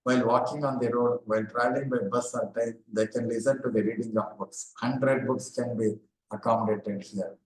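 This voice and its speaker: An older man with an Indian accent giving an online lecture as a former university librarian, explaining steadily with frequent pauses and repetitions. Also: medium pitch, steady tone, roomy sound, low-quality recording.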